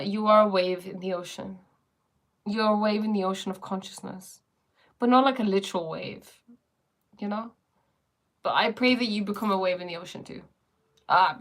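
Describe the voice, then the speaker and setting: Playful woman with a creaky voice. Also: medium pitch. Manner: playful, laughs often, answers viewer comments. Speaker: spiritual teacher on a live stream. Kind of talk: casual live-stream chat.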